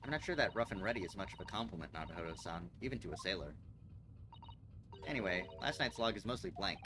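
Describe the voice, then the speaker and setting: A gentle, courteous young woman, as a man voices her. The voice stays low and quiet, with a lively rise and fall. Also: quick pace, background noise. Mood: polite. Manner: soft-spoken, courteous. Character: polite young Japanese woman, gentle assistant. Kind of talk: voicing game characters on a livestream.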